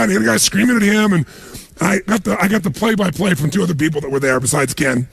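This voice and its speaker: A man giving a motivational seminar talk to a live audience, telling stories with punchy, animated emphasis and a gravelly, raspy voice. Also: high voice, fast talker, dry recording. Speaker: motivational speaker.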